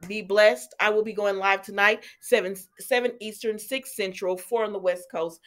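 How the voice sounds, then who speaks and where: A woman casually recapping a soap opera episode for her channel, chatty and animated, with lots of fillers as she tells the story. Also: mid-range voice, moderate pace. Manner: animated storyteller, acts out lines, many fillers.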